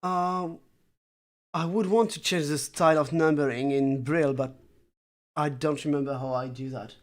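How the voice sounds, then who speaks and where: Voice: mid-range voice, moderate pace. A streamer building a made-up language live, chatting with viewers in a dry, self-mocking way and thinking aloud with many fillers. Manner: talks to chat viewers. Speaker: conlang streamer. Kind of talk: casual livestream chat while working.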